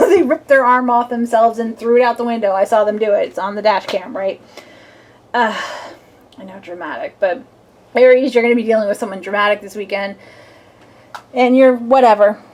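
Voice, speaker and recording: A woman's voice: medium pitch, steady tone, fairly quick. A young adult woman, a tarot reader, chatting casually and playfully through a weekend reading and acting out little scenes.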